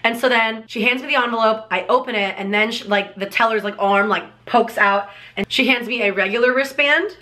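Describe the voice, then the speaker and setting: A young woman talks straight to the camera in a high, bright voice, with an edge of brilliance to it. She gushes through her storytime vlog breathlessly and leans on "like" at every turn. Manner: gushing, breathless retelling full of "like" fillers. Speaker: vlogger.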